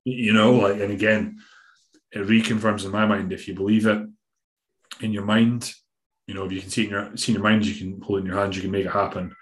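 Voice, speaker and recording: Scottish man, lowish voice, rambling and emphatic, casual podcast talk, roomy echo. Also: fairly even intonation, fast talker. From Scotland. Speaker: bodybuilding coach.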